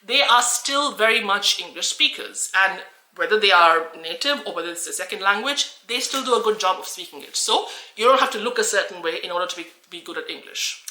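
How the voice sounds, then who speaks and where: A woman's voice: mid-range voice, pushed and bright, roomy sound, low-quality recording. A woman from Australia who coaches English, talking earnestly and encouragingly to camera with frequent restarts. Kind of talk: talking-head video.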